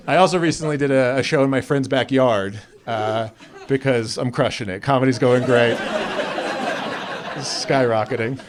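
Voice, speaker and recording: A man doing a stand-up comedy set on a club stage, with self-deprecating, deadpan asides. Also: medium pitch, moderate pace, background noise. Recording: live club crowd audible. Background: audience laughing.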